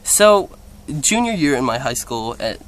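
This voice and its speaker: A young man telling a personal story to the camera in a casual vlog, chatty and animated, with lots of "like" fillers. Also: medium pitch, unhurried, slight background noise. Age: young adult. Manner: quotes others in playful voices. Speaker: vlogger.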